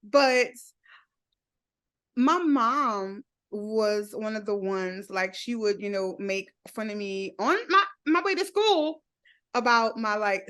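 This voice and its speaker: A woman being interviewed on a podcast, speaking candidly about her own life. She talks at an unhurried pace in a fairly high voice and laughs easily between thoughts. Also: sharp tone. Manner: open, laughs often while telling her story. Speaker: podcast guest.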